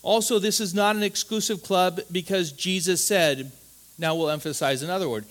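A man with a somewhat high voice preaches a sermon. He speaks earnestly and with emphasis, often stammering into restarts and tossing in rhetorical questions. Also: fairly even intonation, normal speed, a bit bright. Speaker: pastor.

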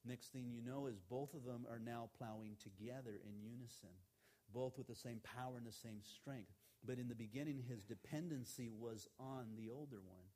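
A middle-aged pastor preaching to his congregation in an easygoing, storytelling way. He retells past conversations and quotes the people in them. His voice sits at an everyday male pitch. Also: moderate pace, dark tone. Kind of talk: sermon storytelling.

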